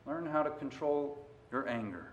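A man preaching a sermon, moving between quiet stretches and loud, emphatic passages. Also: medium pitch, lively intonation, moderate pace, dull audio, slight background noise. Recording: roomy echo.

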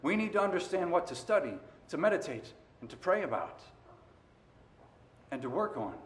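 A man's voice: fairly high pitch, sing-song, normal speed. Roomy-sounding male preacher. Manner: rises and falls between quiet and loud emphasis. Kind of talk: sermon. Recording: roomy echo.

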